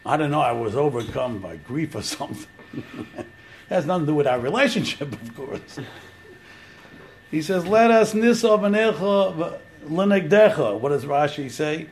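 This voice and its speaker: A man's voice: fairly high pitch, animated, normal speed, pauses often, a little hiss or hum. A man giving an informal religious lecture, telling the story animatedly and acting out the quotes. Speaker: Torah teacher.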